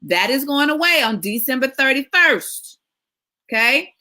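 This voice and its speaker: Woman media coach, high-energy emphatic monologue, bright forceful tone. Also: measured pace. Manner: excitable, emphatic, lively delivery with laughs. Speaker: media coach hosting a weekly tips video.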